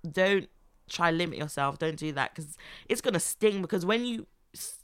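A woman's voice: fairly low pitch, lively intonation, moderate pace, clean tone, dry recording, studio quality. A woman, co-hosting a casual podcast chat, giggly and emotional, sometimes reading aloud. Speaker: podcast co-host.

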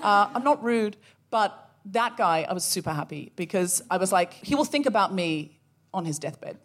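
A woman co-hosting a live comedy podcast, telling a story with animated energy and acting out the voices of the people in it. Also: mid-range voice, normal speed. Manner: animated, acts out quoted voices. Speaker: podcast co-host. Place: live theatre show.

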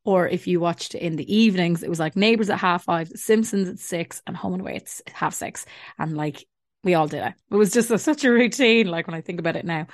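Young Irish woman host, chatty and rambling, low-set voice, dry close recording. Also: quick pace, no room sound. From Ireland. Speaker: podcast host. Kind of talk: casual podcast intro and chat.

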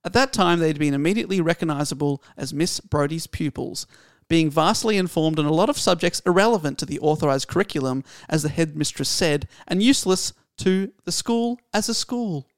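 A man hosting a podcast, chatting playfully and reading book passages aloud slowly. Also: fairly high pitch, animated, dry recording, studio quality. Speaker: podcast host. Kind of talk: casual chat, reading book excerpts.

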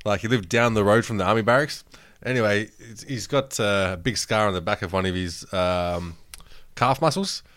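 Low-voiced man in dry casual chat. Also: normal speed, a bit bright, dry recording. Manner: joking, swears freely, rambling anecdotes.

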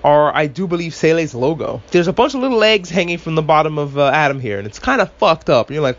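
Man, podcast host, casual recap, sarcastic, curses freely, higher-pitched voice, dull lo-fi sound. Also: fast talker, few pauses. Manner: animated, swears a lot, sarcastic asides.

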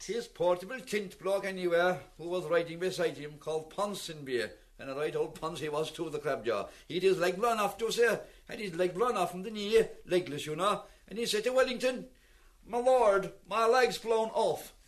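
A man's voice: high voice, a little fast, few pauses. A man in comic banter, blustering with mock indignation.

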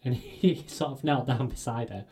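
A man, co-hosting a podcast and telling relaxed stories from a supermarket job. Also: mid-range voice, normal speed. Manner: easygoing, laughs through stories. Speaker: podcast co-host. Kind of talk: casual storytelling chat.

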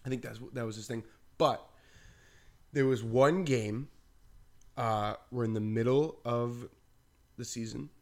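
Speaking at a measured pace with frequent pauses, this man co-hosts a podcast and swaps stories casually. His mid-range voice is animated, he acts out quotes, and "like" comes up a lot.

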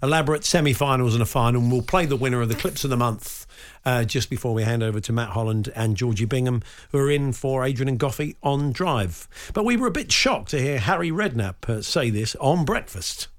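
A man co-hosting a radio sports talk show, bantering and teasing in a quick, jokey way. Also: medium pitch, lively intonation.

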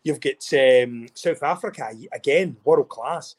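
A Scottish man, a former rugby player, chatting as a guest, excitable and animated, often repeating and restarting words. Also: mid-range voice, unhurried, breathy edge. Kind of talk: casual chat.

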